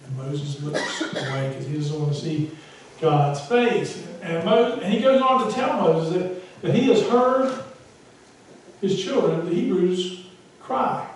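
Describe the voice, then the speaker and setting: Male pastor, chatty sermon delivery with self-mocking humor; slightly high pitch, distant mic in a reverberant church. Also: expressive, slow, slight background noise. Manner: conversational, self-deprecating humor, rises to loud emphasis. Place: church sanctuary.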